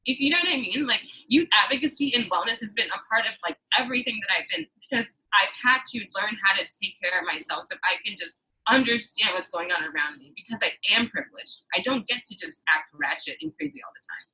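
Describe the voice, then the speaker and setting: A woman's voice: medium pitch, expressive, fast talker, sharp tone, rough recording. A woman in her thirties from the New York City suburbs, talking in a heated, emphatic way and swearing freely in a casual conversation. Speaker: guest.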